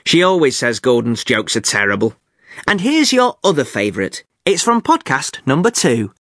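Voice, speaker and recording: A man hosting a podcast for English learners in a clear, upbeat way. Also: mid-range voice, sing-song, normal speed, fairly bright tone, dry recording, studio quality. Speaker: podcast host. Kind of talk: friendly learner podcast presenting.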